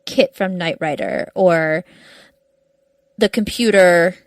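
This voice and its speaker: A woman's voice: on the low side, slow, no room sound, rough recording. A woman co-hosting a podcast who chats casually about a TV episode, adding details and corrections in a matter-of-fact way. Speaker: podcast co-host. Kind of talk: casual chat recapping a TV episode.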